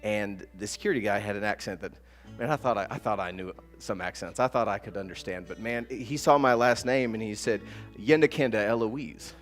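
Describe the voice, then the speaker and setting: A man preaching a sermon as pastor, telling stories with lively acted-out quotes. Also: fairly low pitch, a little fast, few pauses. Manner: animated storytelling with acted-out quotes. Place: church sanctuary. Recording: long church reverb with soft guitar.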